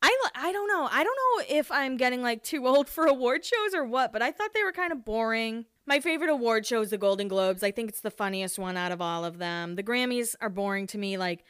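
A woman's voice: fairly high pitch, brisk, hardly any pauses, a bit bright, clear, resonant tone, no echo, clean studio sound. A woman in her late twenties, telling stories in casual chat, candid and laughing easily, with frequent swearing. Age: 20s. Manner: chatty and candid, swears freely, laughs often. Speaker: podcast host.

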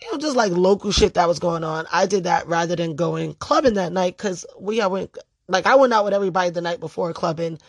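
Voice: mid-range voice, expressive, fairly quick, no echo. A vlogger telling a story in a casual monologue, blunt, profane and emphatic.

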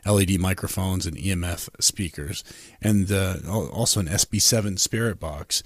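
Radio host guy, really deep voice, dry studio sound, upbeat plugs. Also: normal speed, no echo. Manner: upbeat, plugs things with fillers. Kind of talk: radio show sign-off and promos.

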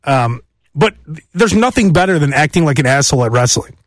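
A man's voice: on the high side, animated, brisk, no room sound, studio quality. A man hosting a podcast, ranting in brash, profane casual chat. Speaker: podcast host.

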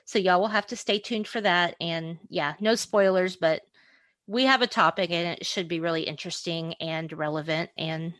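A woman's voice: lowish voice, moderate pace, fairly bright tone, no room sound. A woman hosting a podcast in casual chat, chatty and giggly, often hedging with "you know". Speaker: podcast host.

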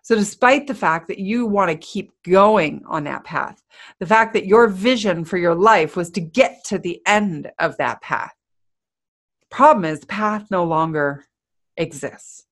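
A woman giving a motivational talk in an energetic, playful, conversational way. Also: fairly low pitch, measured pace. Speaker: motivational speaker.

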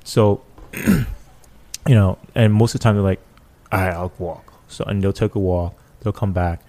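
A former police officer with a lowish voice tells stories casually in an interview at a moderate pace. He's animated, acting out the people he quotes using loose slang.

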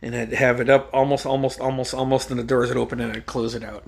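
A man's voice: mid-range voice, flat delivery, quick pace, vocal fry, a little mellow. A man telling a rambling, profanity-laced anecdote in casual chat.

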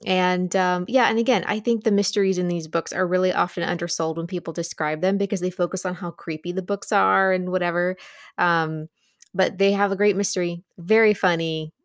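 A woman's voice: on the low side, steady tone, a little fast, no echo, studio quality. A young woman co-hosting a book podcast, chatting enthusiastically with fillers and laughs. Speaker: podcast co-host. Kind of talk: casual book podcast chat.

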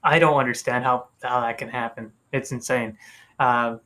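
A man with a bright, lively tone chats casually on a podcast. He teases his friends, acts out little quoted exchanges and swears without a second thought. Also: mid-range voice, normal speed. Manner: teasing, swears freely, tells stories with quoted dialogue. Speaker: podcast co-host. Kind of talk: casual chat.

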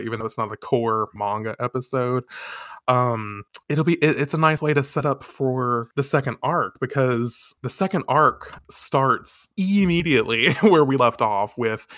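A man's voice: medium pitch, fairly bright tone, no echo, clean studio sound. A man co-hosting a chatty podcast who laughs often and swears casually. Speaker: podcast co-host. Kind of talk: casual chat.

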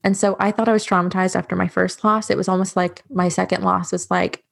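A woman speaks candidly on an interview podcast, her voice sitting low and fairly flat in tone. There is a gravelly fry through her words. She tells her story in a blunt, matter-of-fact way. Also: fairly quick. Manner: frank, matter-of-fact, with frequent fillers. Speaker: guest, bereavement doula.

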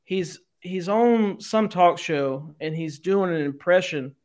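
A man co-hosting a casual podcast, talking in an animated way with swearing and easy laughter. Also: high-pitched, slow. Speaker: podcast co-host. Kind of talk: casual chat.

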